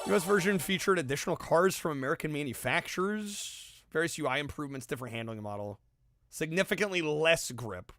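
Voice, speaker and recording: A man's voice: fairly high pitch, a little fast. A man streaming a racing game, chatting casually with his viewers and reacting to the race. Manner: relaxed, chatty, reads chat aloud and reacts to the race. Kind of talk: casual live-stream chat while gaming. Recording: loud game music behind.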